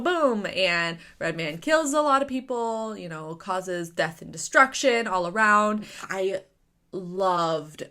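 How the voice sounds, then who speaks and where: A young woman talks through her reactions in a loose, chatty review. Her voice sits at an ordinary middle pitch. She rambles with plenty of fillers and rhetorical questions and gets excited easily. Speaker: manga reviewer. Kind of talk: casual spoken review.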